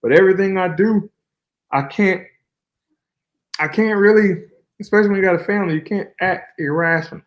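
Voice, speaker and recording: A man speaking as a guest fighter in a casual interview, relaxed and colloquial, telling long flowing stories over a remote call. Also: sits high, fairly quick, pauses often.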